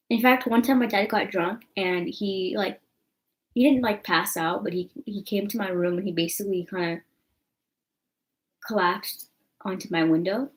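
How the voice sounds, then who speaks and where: A woman's voice: mid-range voice, low-quality recording. A young woman telling a story to her camera in a rambling, chatty way, full of fillers. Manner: chatty, rambling, full of fillers like "you know what I'm saying". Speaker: vlogger.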